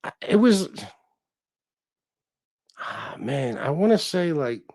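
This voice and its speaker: A man's voice: fairly high pitch, sing-song, slow pace, darkish tone, dry recording. A middle-aged man hosting a casual livestream, reading chat comments and talking in a blunt, profane, self-deprecating way.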